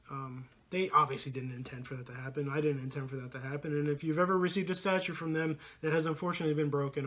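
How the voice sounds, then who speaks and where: Male vlogger, 30s, slightly higher voice, loose rambling delivery with lots of ums and restarts. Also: a bit bright. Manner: rambling, filler-heavy, self-correcting. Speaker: podcast co-host and vlogger. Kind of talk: casual vlog talk to camera.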